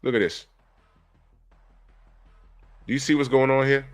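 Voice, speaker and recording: A man in his forties giving animated, casual commentary on a comic book, talking straight to his viewers. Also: mid-range voice, normal speed, pauses often, faint music behind. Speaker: comic book reviewer and artist.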